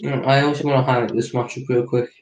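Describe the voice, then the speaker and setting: A man's voice: mid-range voice, fairly even intonation, fast, darkish tone, roomy sound, rough recording. A man co-hosting a football stream, explaining tactics and walking through player positions. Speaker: tactics analyst co-host. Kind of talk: casual tactical breakdown.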